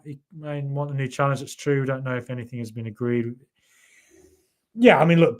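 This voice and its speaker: A man hosts a football fan podcast in a loose, chatty live-stream style. He talks with animated energy and breaks off to read out viewer comments. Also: mid-range voice. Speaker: podcast host.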